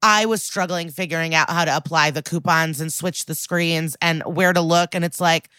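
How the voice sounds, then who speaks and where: An American woman co-hosting a podcast, chatting casually and animatedly with quick asides and laughter. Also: low-pitched, fairly even intonation, bright, forceful tone, clear, resonant tone, dry recording. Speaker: podcast co-host. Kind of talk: casual chat.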